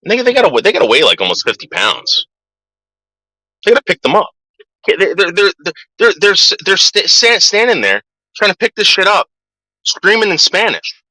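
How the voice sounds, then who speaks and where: A man's voice: high voice, huge pitch swings, moderate pace, bright, forceful tone, no room sound, poor audio. A middle-aged man ranting casually to his viewers, swearing a lot and stumbling over repeated words. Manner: profane, stammering repeats. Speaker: vlogger. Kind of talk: casual rant.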